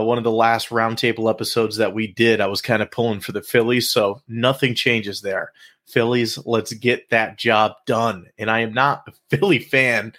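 A man hosting a sports talk show, playful and animated, stretching out hype calls and joking with his co-host. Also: medium pitch.

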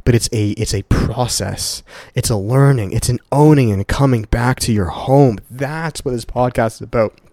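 A man's voice: mid-range voice, normal speed, dark tone, no echo. A young man hosting a casual motivational podcast on his own. He talks to his listeners in an earnest, profane way and repeats words for emphasis. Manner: speaks straight to listeners as "guys". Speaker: podcast host. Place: at home in a condo.

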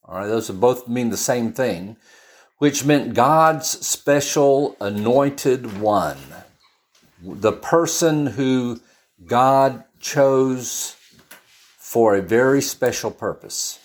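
A man's voice: medium pitch, extremely slow. Chatty male preacher teaching scripture. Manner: chatty and storytelling, with frequent restarts and asides. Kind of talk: conversational Bible teaching.

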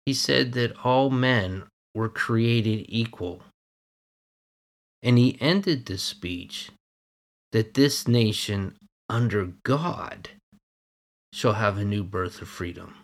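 A man preaching a sermon in a measured, emphatic way, leaning hard on key words. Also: lowish voice.

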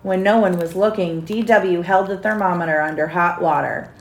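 A mother reading a storybook aloud to her children at home, pausing to ask them questions. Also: lowish voice, echoey room, poor audio. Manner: pauses to quiz the children.

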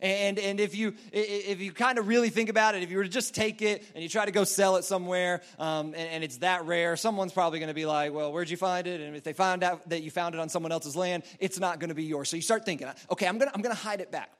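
A man with a fairly high voice gives a sermon as a loose, conversational story. He talks the way people chat, padding lines with fillers and restarting sentences. Now and then he acts out the people in his story. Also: fairly even intonation, fast, few pauses, a bit bright. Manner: rambling and conversational, full of "like" and restarts. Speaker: preacher.

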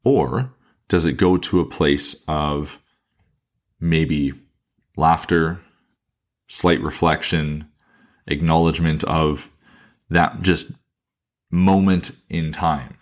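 Speaking with a very low, steady voice, a fitness coach in his thirties hosts his own reflective podcast alone. He comes across as earnest and thoughtful, often repeating or restarting phrases and slowing down for emphasis.

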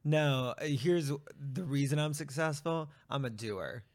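Playful gravelly male podcast host. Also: medium pitch, a little slow. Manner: playful, laughs easily. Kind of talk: casual chat.

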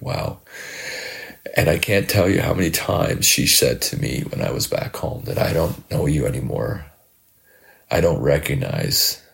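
A middle-aged man, a podcast host and life coach, reflecting in a halting, heartfelt monologue that often repeats words. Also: extremely low pitch, gravelly.

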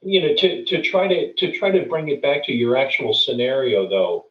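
A man's voice: medium pitch, sing-song, moderate pace. A middle-aged man tells a story and gives advice in an earnest, conversational way, often restarting and repeating words. He sits well back from the microphone, so his voice sounds distant, with a roomy echo. The recording is dull and lo-fi. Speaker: guest speaker.

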